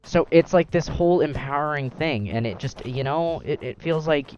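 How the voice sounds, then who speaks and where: A young man, host of a gaming channel, chatting casually while playing, rambling with animated acted-out quotes. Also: a little high, normal speed, dull audio, a little hiss or hum.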